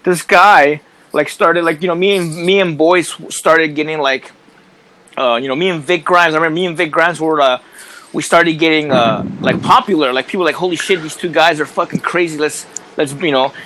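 Animated high-voiced man telling stories. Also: normal speed, low-quality recording. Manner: animated, profane, acts out quotes. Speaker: podcast co-host, former wrestler. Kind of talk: casual storytelling chat.

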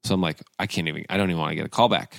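A man's voice: deep voice, very fast, creaky, dry recording, clean studio sound. A man, an actor, telling a long rambling anecdote in casual chat, full of restarts and asides, and acting out the voices of the people in it. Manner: animated, acts out quoted voices. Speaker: actor and guest.

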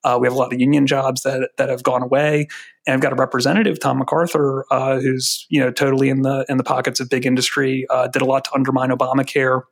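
A man from New Jersey talks as a guest on a podcast, explaining volunteer organizing earnestly. His voice is gravelly and a bit husky, with a flat, even delivery and plenty of fillers. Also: mid-range voice, fast talker. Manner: earnest, fluent with many fillers. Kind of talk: casual podcast chat.

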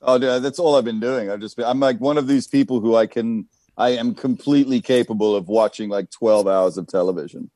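A man's voice: medium pitch, fairly quick, few pauses, no echo. Profane, rambling man in casual chat. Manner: profane, rambling, animated storytelling.

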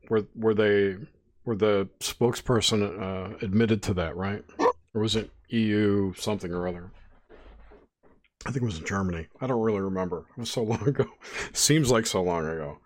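A man's voice: lowish voice, moderate pace. A man hosting a casual interview, musing and loosely recalling past events.

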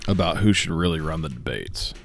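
A man's voice: a bass voice, animated, brisk, creaky. A man in casual chat, laid-back and joking, swearing now and then.

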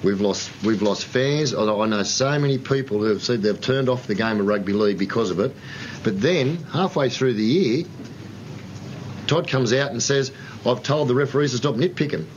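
A man's voice: medium pitch, normal speed. A man with an Australian accent giving a blunt, exasperated opinion about rugby league in a played clip. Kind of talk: impassioned opinion. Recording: dull, slightly noisy clip.

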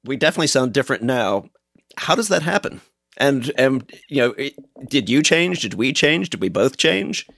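A man's voice: mid-range voice, big pitch swings, moderate pace, creaky, fairly bright tone, no room sound, clean studio sound. A man with an American accent co-hosting an interview, asking curious, probing questions. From United States. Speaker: podcast co-host.

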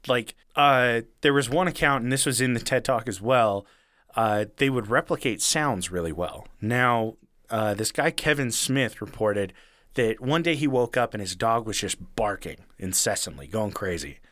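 A man's voice: medium pitch, lively intonation, moderate pace, a bit bright, dry recording, studio quality. A man telling a rambling story in casual chat, chuckling now and then and swearing freely.

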